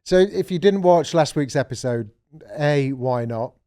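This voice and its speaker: A man's voice: on the high side, animated, warm tone. Man, podcast co-host, casual chat, sweary, restarts. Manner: chatty, sweary, quick restarts.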